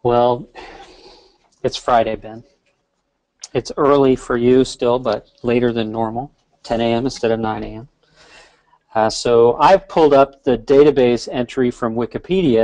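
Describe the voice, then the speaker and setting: A man who is a guest on a webinar, chatting casually as a relaxed, friendly storyteller who jokes along. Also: mid-range voice, moderate pace, no echo. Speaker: software founder guest.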